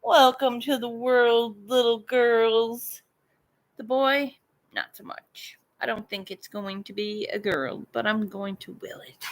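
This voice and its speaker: Slow, chatty woman on a home livestream. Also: fairly high pitch, a bit bright. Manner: chatty, greets viewers, drifts into tangents. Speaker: livestream vlogger. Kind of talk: casual live chat.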